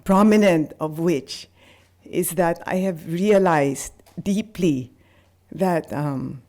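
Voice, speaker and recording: Low-voiced woman giving a halting speech. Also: mellow. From Philippines. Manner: halting, with restarts and fillers, laughing through emotion. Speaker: award recipient giving acceptance speech. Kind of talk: emotional acceptance speech.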